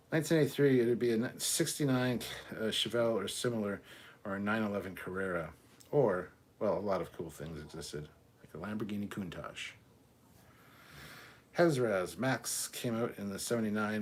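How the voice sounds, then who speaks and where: Low-voiced man reading chat. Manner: reads viewer comments aloud, then answers offhand with swearing. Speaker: livestream host reading chat. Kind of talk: casual live chat.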